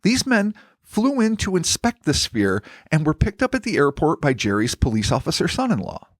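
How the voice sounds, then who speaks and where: A man's voice: on the high side, wildly swooping pitch, normal speed, no room sound, clean studio sound. A man co-hosting a podcast, reading a paranormal story from a script and breaking off into wry, profane banter. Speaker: podcast co-host.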